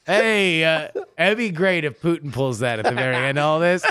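A man's voice: a little high, normal speed, sharp tone, clear, resonant tone, no room sound, clean studio sound. A man co-hosting a casual podcast, joking and playful. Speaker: podcast co-host. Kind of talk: casual chat.

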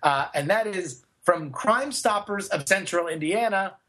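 A man co-hosting a podcast, reading news out loud with wry asides in a casual chat. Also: sits high, expressive, unhurried. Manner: wry, reads out news quotes with running asides. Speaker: podcast co-host.

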